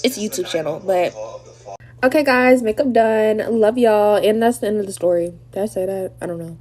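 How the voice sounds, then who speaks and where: A teenage girl talks into her phone while getting ready. She tells her story in a chatty, slangy, animated way, the way a creator does a get-ready-with-me storytime. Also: medium pitch, a little fast, soft background music. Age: teens. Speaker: TikTok creator. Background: TV playing.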